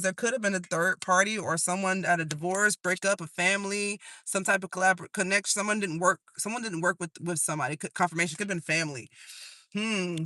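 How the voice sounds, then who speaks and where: A man's voice: sits high, bright, forceful tone, a little hiss or hum. A man giving a live tarot reading to his audience, casual and profane, laughing at his own jokes as he talks through the cards. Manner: breaks into singing old songs. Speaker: tarot reader.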